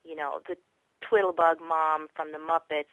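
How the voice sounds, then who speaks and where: A woman with a lowish voice, talking through her craft in a relaxed, rambling way. She thinks aloud with plenty of ums and likes. She is recorded close and dry, with no room sound. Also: normal speed, dry recording, rough recording. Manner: reflective, chatty, many fillers. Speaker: voice actress, interview guest. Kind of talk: casual interview chat.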